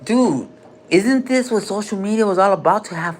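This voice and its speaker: A man's voice: high-pitched, expressive, moderate pace. A man rambling loosely on a live stream from a hospital room, cursing and dropping slang as he jumps between topics.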